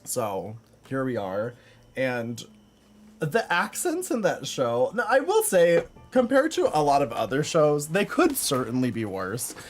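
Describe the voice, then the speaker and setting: A man's voice: fairly high pitch, huge pitch swings, a little slow, faint music behind. A man live-streaming from home, chatting casually with viewers, rambling with lots of fillers and frequent laughs. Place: home room.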